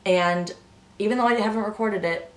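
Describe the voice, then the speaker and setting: A young woman telling a story in a casual vlog, gushing and excitable, full of "like". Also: mid-range voice, moderate pace. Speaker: vlogger. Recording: echoey room.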